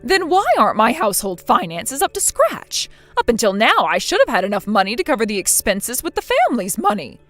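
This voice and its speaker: A woman voicing a spiteful, domineering older mother-in-law in a scripted text-message drama, scolding harshly and loudly. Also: fairly high pitch, big pitch swings, a little fast, hardly any pauses, no room sound, faint music behind.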